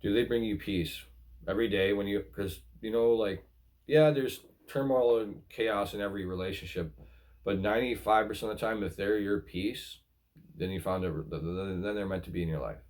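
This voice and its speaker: Man, lowish voice, earnest relationship advice, casual vlog talk, repeats himself. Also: moderate pace, a little mellow. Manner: earnest, repetitive, addresses viewers as guys.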